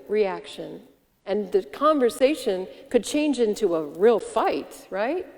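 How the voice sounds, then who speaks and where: Woman minister, sermon, mellow voice, a bit high, gentle rhetorical questions, long hall reverb. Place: church sanctuary.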